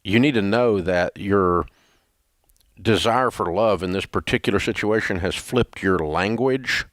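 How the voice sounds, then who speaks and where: A man's voice: lowish voice, unhurried, no room sound, studio quality. An older man hosting a call-in advice show, blunt and folksy, joking as he talks to callers. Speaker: radio show host. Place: radio studio. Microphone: close studio mic.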